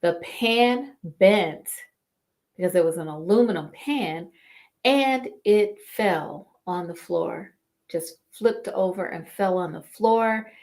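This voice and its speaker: Middle-aged woman host, relaxed storyteller, slow delivery with fillers. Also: on the low side. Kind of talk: live talk on stress.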